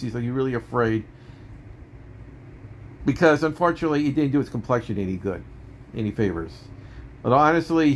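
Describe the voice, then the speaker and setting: A man's voice: mid-range voice, a little hiss or hum. Rambling male movie reviewer. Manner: rambling, self-correcting, with many fillers.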